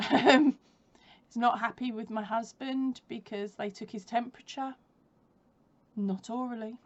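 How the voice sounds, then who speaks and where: A woman's voice: a little high, vocal fry, muffled recording. A woman chatting casually at home for her crochet vlog, rambling, laughing often and correcting herself as she goes. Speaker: crochet vlogger. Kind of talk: casual chat.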